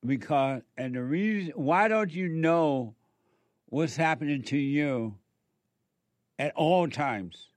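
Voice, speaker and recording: A man giving a preachy spoken monologue, repeating rhetorical questions and pausing for answers. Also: a little high, animated, no echo. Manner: acts out quoted back-and-forth dialogue. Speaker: speaker addressing listeners.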